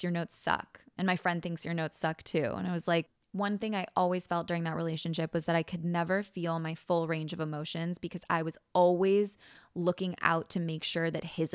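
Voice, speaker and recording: A young woman hosting a podcast tells a personal story frankly and vividly, acting out quoted lines and swearing casually. Her voice sits on the low side, clear and resonant, recorded at studio quality with no echo.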